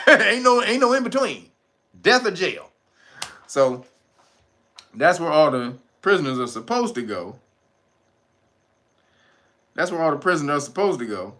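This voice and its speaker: A man's voice: on the high side, very animated, a little slow, pauses often, sharp tone. A man hosting a casual livestream, talking in profane street slang, laughing often and answering his viewers' chat. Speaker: livestream host.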